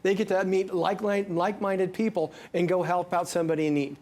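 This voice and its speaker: High-voiced male radio host. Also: little pitch movement, fairly quick, darkish tone. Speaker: talk show host. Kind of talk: radio interview hosting.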